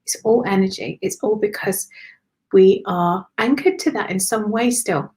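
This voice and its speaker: A woman hosting a live-streamed spiritual reading on her phone, affectionate and animated, calling listeners darling. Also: medium pitch, unhurried. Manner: animated, swooping intonation. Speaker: spiritual medium giving readings.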